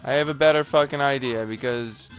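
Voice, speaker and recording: A man's voice: mid-range voice, a little fast, clear, resonant tone, faint music behind. A man giving casual gameplay commentary, frustrated and profane, rambling while a bit tipsy. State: tipsy from drinking. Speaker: let's play gamer.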